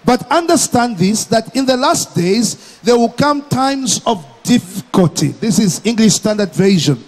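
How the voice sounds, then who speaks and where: A man from Malawi preaching a sermon as pastor, emphatic and deliberate, repeating his phrases for effect. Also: very high voice, lively intonation, in a large hall.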